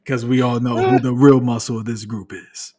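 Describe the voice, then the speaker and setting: Husky New York man teasing. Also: medium pitch, normal speed. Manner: joking, teasing, animated storytelling. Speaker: podcast host. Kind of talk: casual podcast banter.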